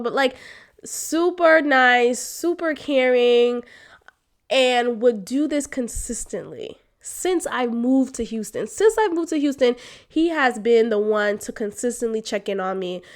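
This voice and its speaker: Expressive young woman podcast host. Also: on the high side, measured pace. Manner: candid, expressive, laughs often, addresses listeners as y'all. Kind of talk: casual personal storytelling.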